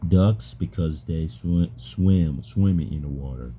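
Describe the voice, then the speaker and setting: A man with a deep voice chatting casually with an AI, halting and stammering and repeating his words. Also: warm tone, slight background noise. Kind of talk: casual chat with an AI.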